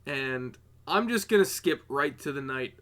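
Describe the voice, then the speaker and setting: Tired young man with a bright voice. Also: mid-range voice, lively intonation, unhurried. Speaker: podcast co-host. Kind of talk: casual storytelling chat.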